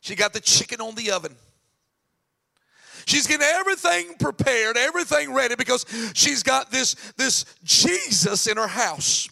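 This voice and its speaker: High gravelly guy preaching, bright edgy voice, does the bible characters' voices, soft music under it. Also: normal speed. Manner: animated preaching, acts out voices of scripture figures. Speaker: pastor. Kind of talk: sermon.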